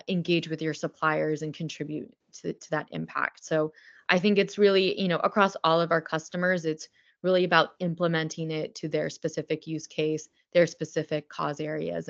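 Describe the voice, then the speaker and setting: A woman's voice: low-pitched, gravelly. A woman representing a vendor answers a webinar question in a conversational way, with filler words, heard over a video call. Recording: dull lo-fi call audio.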